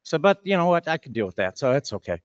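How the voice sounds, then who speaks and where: A man's voice: on the high side, sing-song, fast talker, dry recording, dull audio. A man giving opening remarks as master of ceremonies at a breakfast meeting, chatty and rambling, often repeating words.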